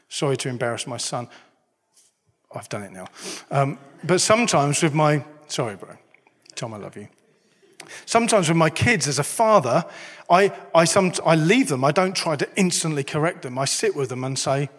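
A man's voice: fairly high pitch, animated, moderate pace. A middle-aged man preaching a sermon, conversational and self-deprecating, asking the listeners many questions. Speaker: pastor. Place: church hall. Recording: long hall reverb.

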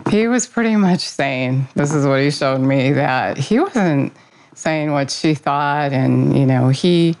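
A woman's voice: extremely low pitch, animated, slow, a little mellow, rough recording. A woman giving an informal devotional talk, earnest and conversational, opening with a prayer and speaking about her faith. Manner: earnest, conversational, with fillers and self-corrections.

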